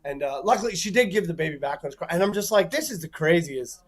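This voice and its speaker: A man's voice: fairly high pitch, fast. A man, a comedian guest on a talk show, telling a story with lots of energy and acting out the people in it. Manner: lively, swearing, acts out voices in a story. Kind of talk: animated storytelling.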